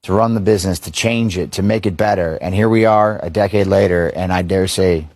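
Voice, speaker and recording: A man talking casually in an interview, animated and emphatic. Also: deep voice, fairly quick, no echo. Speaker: interviewed wrestler and storyteller.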